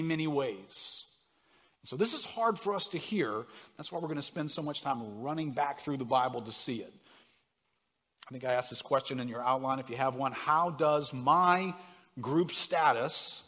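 A man's voice: medium pitch, a bit bright, big-room sound. A man preaching a sermon, leaning hard on single words and putting questions to the congregation. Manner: emphatic, stresses single words, asks the room questions. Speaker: pastor.

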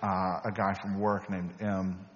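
A man's voice: low-pitched, little pitch movement, unhurried. Man preaching with storytelling in a reverberant church. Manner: conversational, acts out quoted dialogue, self-deprecating. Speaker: pastor. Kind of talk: sermon storytelling. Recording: dull lo-fi audio with long hall reverb.

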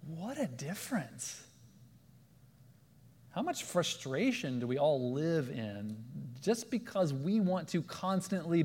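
Male preacher, lively storyteller, slightly high voice, long hall reverb. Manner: animated, acts out quoted voices. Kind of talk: sermon with storytelling.

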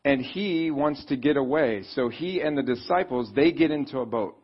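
A man preaching a sermon in a conversational, animated way, reading scripture and acting out quotes. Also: medium pitch, moderate pace, slightly rough. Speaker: pastor. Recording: slightly dull, lo-fi sound.

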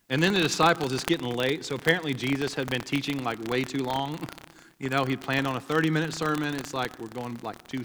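A man's voice: on the high side, a bit bright, slight background noise. Man preaching in a reverberant hall. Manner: conversational preaching with asides and laughs. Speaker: pastor. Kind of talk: sermon.

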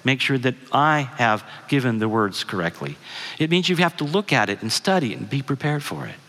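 A man's voice: medium pitch, sing-song, brisk, fairly bright tone. A middle-aged man giving a guest sermon, telling a family story in a conversational way and asking the audience questions. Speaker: guest speaker. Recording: long hall reverb.

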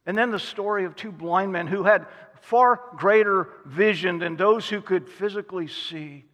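A man's voice: high-pitched, normal speed, fairly bright tone, big-room sound. A man preaching a sermon as a pastor, telling stories and acting out the voices of the people he quotes. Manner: storytelling, acts out quoted voices.

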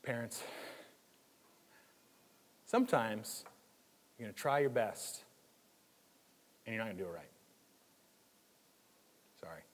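A man preaching a sermon in a church, conversational and animated, with jokes and asides. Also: lowish voice, takes it slowly, long pauses, in a large hall. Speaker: pastor.

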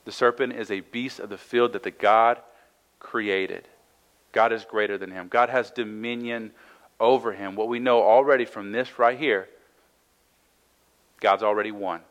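A man's voice: fairly low pitch, steady tone, measured pace, long pauses, fairly bright tone, muffled recording. A man preaching and teaching through a Bible passage in a conversational sermon, reading verses aloud and explaining them with frequent "right?" asides. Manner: reads scripture aloud then explains it. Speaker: pastor.

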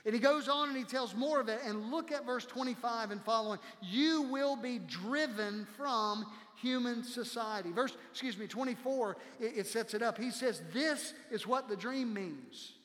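A man with a notably high voice preaches a sermon in a church sanctuary, his words trailing off in a long hall reverb. He speaks with passion and sinks to a hushed hush for the quoted lines. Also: normal speed, hardly any pauses. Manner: impassioned, drops to hushed tones for quotes. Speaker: pastor.

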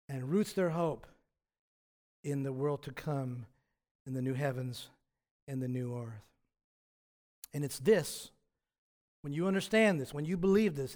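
A pastor with a slightly higher-than-usual, darkish voice preaches in a reflective, conversational way. He frequently stumbles and restarts mid-phrase while working through his points.

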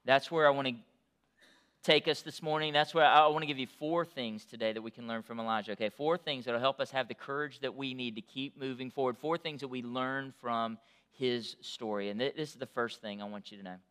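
A pastor preaching a sermon in a conversational way that swells to loud, emphatic peaks. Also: male voice, mid-range voice, steady tone, brisk, clean tone.

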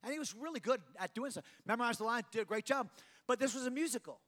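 Man, middle-aged, preacher, sermon, high voice, emphatic, repetitive. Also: lively intonation, fast, in a large hall. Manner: emphatic, swings from loud to quiet, repeats phrases.

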